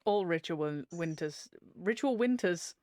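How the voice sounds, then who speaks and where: A woman from England co-hosting a podcast, chatty and relaxed, laughing often. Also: on the low side, a little slow, dry recording, clean studio sound. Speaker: podcast co-host. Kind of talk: casual chat.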